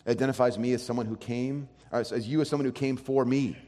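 A man preaching a sermon as pastor, animated, acting out quoted voices. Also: mid-range voice, fast, long reverb tail.

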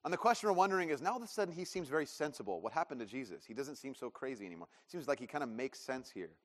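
Chatty pastor preaching in a big hall. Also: male voice, medium pitch, very animated, rapid-fire, a bit bright. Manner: conversational, self-deprecating, acts out dialogue. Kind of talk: sermon. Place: church auditorium. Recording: long reverb of a church hall.

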